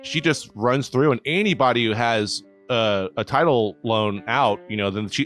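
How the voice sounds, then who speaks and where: A man's voice: medium pitch, lively intonation, normal speed, few pauses, fairly bright tone, faint music behind. A man telling a story in casual chat, rambling with lots of fillers and swearing.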